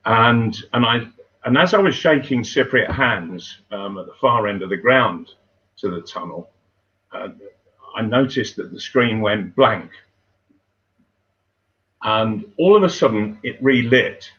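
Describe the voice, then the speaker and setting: An older man, a former footballer, telling stories in casual chat, unhurried and halting, with many fillers and restarts. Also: fairly low pitch, lively intonation, a bit bright. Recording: dull lo-fi sound.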